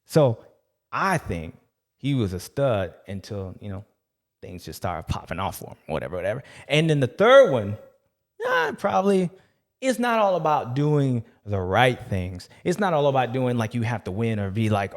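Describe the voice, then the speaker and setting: A man hosts a casual race recap, full of slang and animated storytelling. His voice sits at a middle pitch for a man, and his talk is loose and conversational. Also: moderate pace. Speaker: host.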